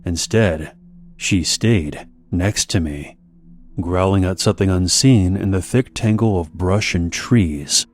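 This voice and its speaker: A man narrating a scripted horror story in a measured, steady storytelling manner. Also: deep voice.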